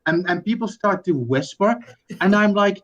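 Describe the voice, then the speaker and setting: A man's voice: high-pitched, animated, normal speed. Blunt, swearing man on a lo-fi mic. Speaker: podcast co-host. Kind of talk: casual podcast chat. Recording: dull lo-fi mic.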